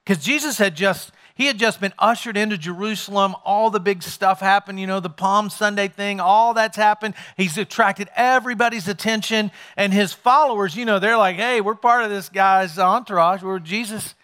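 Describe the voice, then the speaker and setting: High, bright-voiced male pastor preaching. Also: normal speed, hardly any pauses. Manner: conversational, jokes with the congregation. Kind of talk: sermon. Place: church sanctuary with a congregation.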